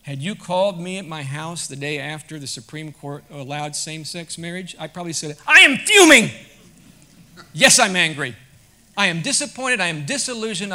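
A man preaching a sermon to his congregation in a conversational way that swells to loud, emphatic peaks. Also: fairly high pitch, a little hiss or hum. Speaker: pastor.

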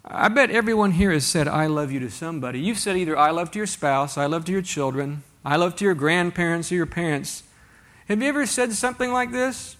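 A man's voice: high-pitched, big pitch swings, moderate pace, pushed and bright. A man preaching a sermon to a congregation, reading scripture aloud and asking rhetorical questions in a conversational way. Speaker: pastor.

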